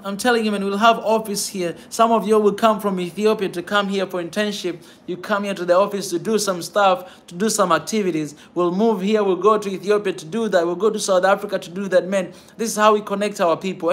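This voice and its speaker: Fervent high-voiced man rallying his viewers. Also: a bit bright. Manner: fervent, repetitive, keeps saying "man". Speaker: host of a pan-African channel. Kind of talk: impassioned livestream talk to viewers.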